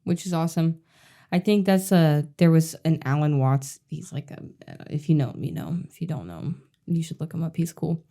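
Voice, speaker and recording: A woman's voice: sits low, fairly quick, dark tone. A woman co-hosting a podcast, chatting casually and reflectively, with frequent swearing. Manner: earnest, reflective, swears freely. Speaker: podcast co-host. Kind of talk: casual chat.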